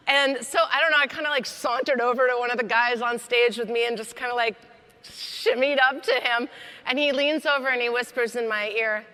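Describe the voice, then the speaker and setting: Woman, keynote speaker, comedic and conversational, bright tone, reverberant hall. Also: on the high side, a little fast. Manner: lively, conversational, joking with the audience. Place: large conference hall.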